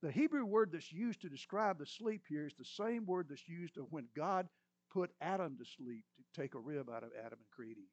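A man preaching a sermon, retelling a Bible story with lively storytelling and joking asides. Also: fairly high pitch, normal speed, dry recording, lo-fi sound.

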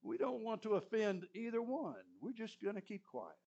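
Brief: man playing noncommittal villagers, hedging, high voice, muffled lo-fi. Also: sing-song, moderate pace, gravelly, darkish tone, full character voice. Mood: evasive. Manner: hedging, shrugging. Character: evasive crowd of noncommittal villagers. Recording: muffled lo-fi recording.

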